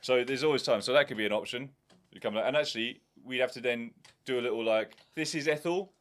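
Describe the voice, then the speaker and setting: A man's voice: mid-range voice, steady tone, fast, a bit bright. A young man co-hosting a podcast, chatting casually with dry, teasing banter and the odd swear word. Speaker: podcast co-host. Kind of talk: casual chat.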